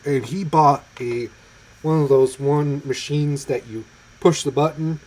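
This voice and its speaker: A man's voice: fairly high pitch, fairly even intonation, measured pace, a little mellow, poor audio. A man co-hosting a podcast, chatting casually and often restarting his sentences. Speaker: podcast co-host. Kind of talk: casual chat.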